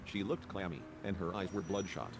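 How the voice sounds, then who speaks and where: A man's voice: low-pitched, steady tone, brisk. A man narrating a let's play, reading the game's story text aloud and voicing its characters lightly. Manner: reads dialogue in lightly shifted character voices. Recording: background game music. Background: game music.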